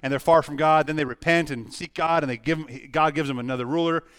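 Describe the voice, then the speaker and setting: A middle-aged pastor preaching a sermon, telling a personal story earnestly with frequent restarts. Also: male voice, a little high, fairly even intonation, fast talker, fairly bright tone, clean tone, no room sound, studio quality.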